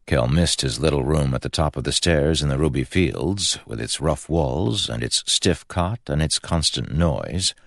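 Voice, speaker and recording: Deep-voiced guy narrating a fantasy book, steady reading, dry close sound. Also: measured pace, vocal fry, few pauses, no room sound. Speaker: audiobook narrator. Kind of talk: scripted narration.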